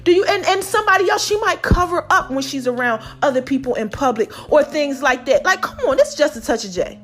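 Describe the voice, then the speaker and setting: A woman's voice: sits high, animated, brisk, a bit bright, soft background music. A middle-aged woman, hosting her own podcast as a passionate, preachy motivational monologue addressed straight to listeners. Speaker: podcast host.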